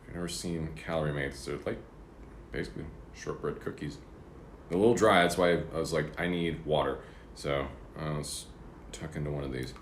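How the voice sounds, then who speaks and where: Very deep-voiced man chatting over breakfast. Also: background noise. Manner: rambling, chatty, eating between words. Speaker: livestreamer. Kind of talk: casual chat. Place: apartment room. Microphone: streaming setup. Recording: roomy apartment echo.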